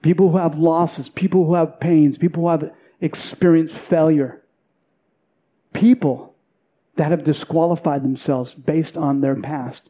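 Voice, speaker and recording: A man's voice: fairly high pitch, steady tone, unhurried, lo-fi sound. A man in his forties preaching a sermon, earnest and self-deprecating, telling a personal story with repeated words. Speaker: pastor.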